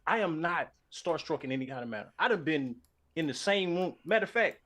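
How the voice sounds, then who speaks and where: Animated high bright-voiced man storytelling. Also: fairly quick. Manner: animated, swears freely, acts out quotes. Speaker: streamer host. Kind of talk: casual storytelling chat.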